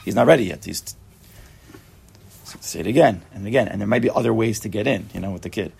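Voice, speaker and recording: A man's voice: on the low side, fast, vocal fry, darkish tone, breathy edge. A man giving a casual, chatty Torah class, joking and mixing Hebrew and Yiddish terms into his talk.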